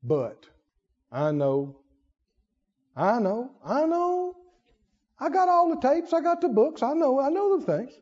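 A man preaching a sermon, animated, acting out quotes and shouting at the peaks. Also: very high voice, slow pace, pauses often, lo-fi sound.

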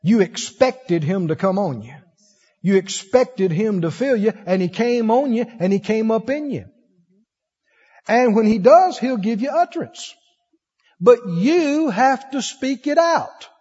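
Brief: male preacher, high husky voice, lively pitch, dull reverberant church recording. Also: measured pace. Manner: animated storytelling, acts out voices, laughs often. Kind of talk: sermon.

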